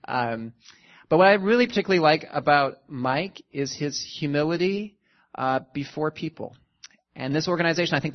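Canadian pastor introducing a guest. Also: male voice, medium pitch, lo-fi sound. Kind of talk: church introduction. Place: church sanctuary.

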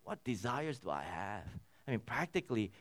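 Earnest male preacher, lively delivery. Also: normal speed. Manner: earnest, swings between loud emphatic peaks and soft low passages. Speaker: pastor. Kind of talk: sermon.

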